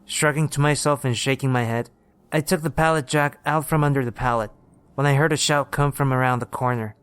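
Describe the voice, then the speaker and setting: A man narrating a first-person horror story in a steady, plain storytelling manner. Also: medium pitch, brisk, smooth.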